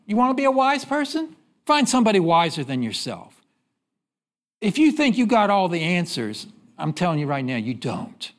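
High, lively preaching man. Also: normal speed. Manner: preaching with call-and-response questions and sudden drops to a low voice. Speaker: pastor. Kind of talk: sermon.

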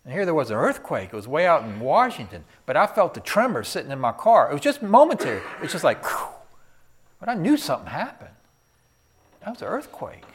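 A man preaching a sermon in an animated storytelling way, swinging from loud to soft. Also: a little high, quick pace, husky.

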